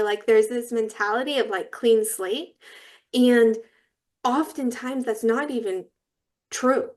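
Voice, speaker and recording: A woman's voice: on the high side, fairly even intonation, takes it slowly. A woman guest talking earnestly in a podcast interview, telling flowing reflective stories about her work and spirituality.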